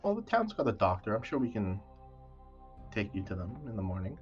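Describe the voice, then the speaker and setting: A man's voice: lowish voice, very animated, a little fast, faint music behind. A man voicing a doting, worried middle-aged mother who fusses and stammers. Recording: dull lo-fi mic.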